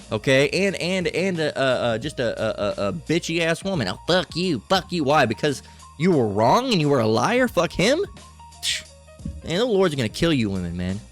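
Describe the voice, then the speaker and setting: A man giving a profane, preachy reaction commentary, tagging many lines with "all right?". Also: fairly high pitch.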